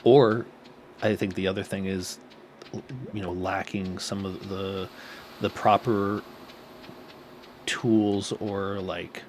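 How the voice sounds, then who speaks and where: A man's voice: deep voice, flat delivery, takes it slowly, pauses often, darkish tone, a little hiss or hum. A man co-hosting a podcast as a therapist, talking loosely and chattily with lots of fillers. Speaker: co-host, therapist. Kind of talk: casual podcast chat.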